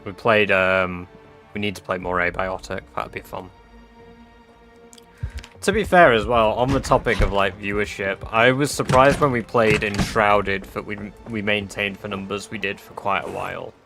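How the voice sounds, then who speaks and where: A man's voice: lowish voice, normal speed, bright, forceful tone, faint music behind. A man streaming a game, chatting casually and reading chat aloud with offhand swearing. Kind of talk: casual livestream chat while gaming.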